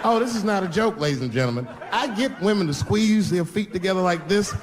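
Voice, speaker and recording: A man performing stand-up comedy on stage, telling a story in a loose, profane, conversational way with sudden jumps in pitch. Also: expressive, fairly quick, background noise. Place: stage before a live audience.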